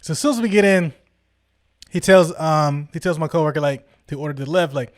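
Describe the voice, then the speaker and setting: Male vlogger, a touch high-voiced, dry close mic, excitable slangy storyteller who acts out each character he quotes. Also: brisk, no room sound. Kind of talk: casual storytelling.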